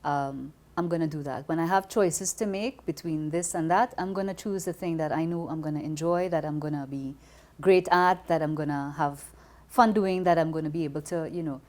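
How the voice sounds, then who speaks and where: A woman with a Trinidadian accent, talking as an interview guest in an expressive, conversational way, often repeating words as she starts a thought. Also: sits low, moderate pace. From Trinidad and Tobago.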